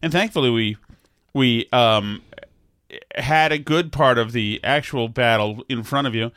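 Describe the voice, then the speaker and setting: A man's voice: medium pitch, unhurried, fairly bright tone, smooth, no echo, studio quality. A man co-hosting a podcast in casual, teasing banter, often restarting his sentences. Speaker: podcast co-host.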